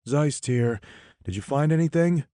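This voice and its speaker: A callous, dismissive male official, put on by a man reading an audiobook. He speaks offhandedly and louder than the narrator. His voice sits far above the narrator's own low tone. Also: lively intonation, unhurried, dry recording, clean studio sound.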